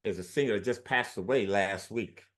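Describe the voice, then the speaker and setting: A former basketball player in his sixties, appearing as an interview guest, tells stories in a lively, animated way with a voice on the low side. He acts out what others said, often speeding up or slowing down for effect.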